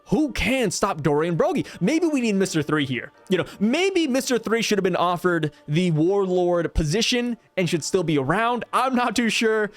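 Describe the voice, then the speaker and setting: A young man hosting a casual video review, chatty and excitable, often stumbling over restarts as he talks. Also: sits high. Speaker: YouTube host reviewing a manga chapter.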